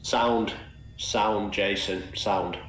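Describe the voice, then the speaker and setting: A man's voice: fairly low pitch, steady tone, drawn-out words, fairly bright tone. A man with a Manchester accent jokes around on voice chat in an easygoing way. His voice carries a roomy echo over faint background noise. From Manchester, England. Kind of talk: casual voice-chat banter.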